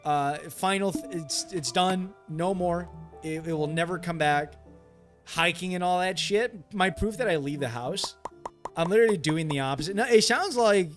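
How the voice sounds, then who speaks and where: A high-pitched man chats casually through a late-night gameplay stream, teasing and bantering with his viewers. He jumps and yelps when something startles him, and faint music plays underneath. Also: normal speed. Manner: joking, reads and answers chat. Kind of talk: casual live gameplay chat.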